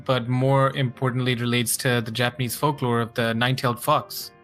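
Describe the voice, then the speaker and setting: A man's voice: mid-range voice, little pitch movement, brisk, a bit bright, faint music behind. A man co-hosting a casual gaming podcast, chiming in agreeably. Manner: agreeable, brief interjections. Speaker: podcast co-host.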